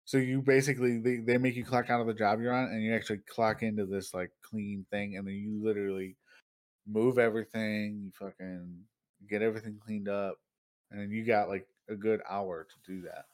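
A man's voice: fairly low pitch, fairly even intonation, fairly quick. A man co-hosting a podcast in casual chat, loose and profane, laughing often. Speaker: podcast co-host.

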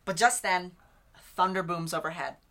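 Woman podcast co-host, low-ish bright voice, chatty book recap with lots of filler words. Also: moderate pace. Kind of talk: casual book discussion.

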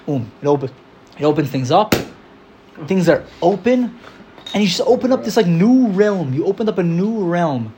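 A man's voice: sits high, animated, moderate pace, noisy background. A man teaching an informal religious class in a chatty, loose way, often acting out little quotes. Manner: chatty, full of "like", acts out quotes. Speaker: Torah teacher.

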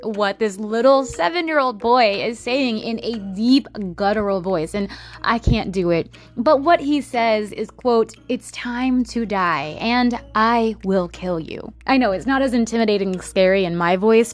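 A woman host telling a true paranormal story in a casual, blunt way, swearing freely as she goes. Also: on the high side.

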